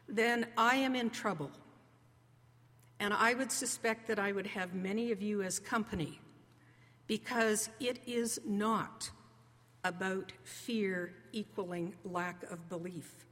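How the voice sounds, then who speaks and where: A woman preacher giving a sermon in an earnest, conversational way, slowing down to stress key words. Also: mid-range voice, fairly bright tone. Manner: earnest, conversational preaching with slow emphatic pauses. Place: church sanctuary. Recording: long reverb of a large hall.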